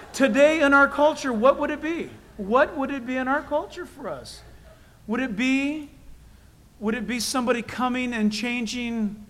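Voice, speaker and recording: High-voiced man preaching with emphasis. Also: fairly bright tone, low-quality recording. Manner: conversational, emphatic, repeats key phrases; self-deprecating personal asides. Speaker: pastor. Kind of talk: sermon.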